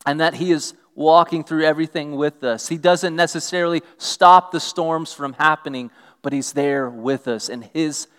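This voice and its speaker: A man's voice: medium pitch, fairly bright tone, smooth. A man giving a sermon as a pastor, earnest and conversational, with frequent restarts as he reads and explains scripture. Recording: reverberant hall.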